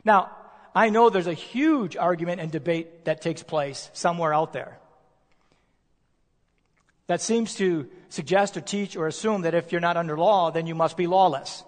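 A male preacher delivering a sermon, emphatic, posing rhetorical questions and slowing down to stress key words. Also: fairly high pitch. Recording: long reverb of a large hall.

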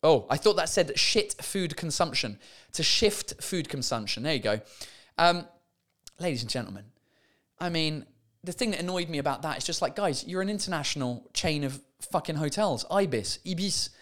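A man's voice: a little high, animated, normal speed, a bit bright. A man hosting a comedy podcast, chatting and swearing casually as he laughs his way through mistranslated signs. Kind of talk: casual comic monologue.

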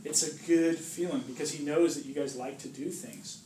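A man's voice: on the high side, fairly even intonation, normal speed. A man giving an informal sermon to a small group, chatty and joking, asking "right?" often. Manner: chatty, jokes and acts out voices, asks "right?" often. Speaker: preacher. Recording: roomy distant recording with background noise.

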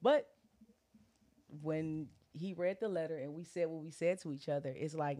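A middle-aged woman casually telling a personal story, animated, full of slang and acted-out quotes. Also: low voice, moderate pace. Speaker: guest sharing her story. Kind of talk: candid casual chat.

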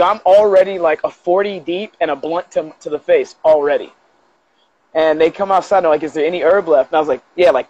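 A man with a notably high speaking voice spins a long tale in a casual podcast chat. He's animated and loose, jumping into other people's lines to act them out. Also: low-quality recording. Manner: animated, acts out quoted dialogue with profanity. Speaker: guest. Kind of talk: casual storytelling in a podcast interview.

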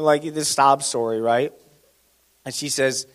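A man preaching a sermon in an animated, conversational way, asking the congregation questions. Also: mid-range voice, slow, pauses often.

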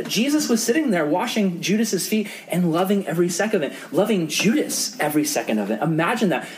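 A man's voice: on the high side, darkish tone, slight background noise. A young man preaching to a youth group in a casual storytelling style with lots of fillers. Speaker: youth pastor. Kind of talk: youth sermon.

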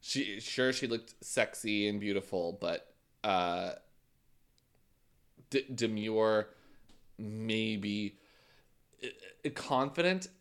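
A man's voice: on the low side, very slow, pauses often, a bit bright, smooth. A man in casual chat recapping a show, opinionated and jokey.

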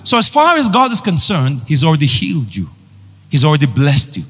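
A man's voice: a little high, huge pitch swings, brisk, fairly bright tone. A man preaching a sermon with emphatic, call-and-response delivery. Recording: long hall reverb with faint music.

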